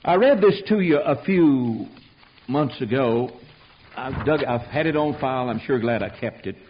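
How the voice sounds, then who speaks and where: A man's voice: medium pitch, expressive, measured pace, lo-fi sound. A man preaching a fiery sermon, emphatic and rhetorical, calling out questions to his congregation.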